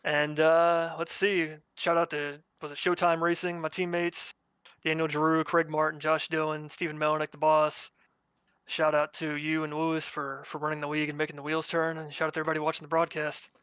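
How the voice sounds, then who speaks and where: Fast-talking bright young man. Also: on the high side, completely flat delivery, clear, resonant tone, dry recording. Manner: rapid, rambling, filler-heavy recap. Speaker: race winner, sim racing driver. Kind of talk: post-race interview.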